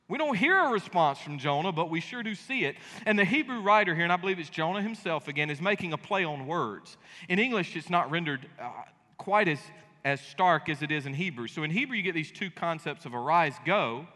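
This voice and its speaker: A man pastor preaching a sermon in a church sanctuary, animated and joking as he tells the story. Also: sits high, moderate pace. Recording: echoey church hall.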